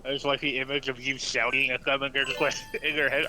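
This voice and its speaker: A man's voice: mid-range voice, flat delivery, fast talker, music in the background, poor audio. A man on voice chat chipping in with dry interjections.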